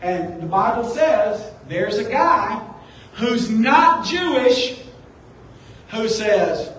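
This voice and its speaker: A man preaching a sermon, animated and joking with his congregation. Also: very high voice, extremely slow, slight background noise. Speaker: pastor. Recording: echoey room, distant mic.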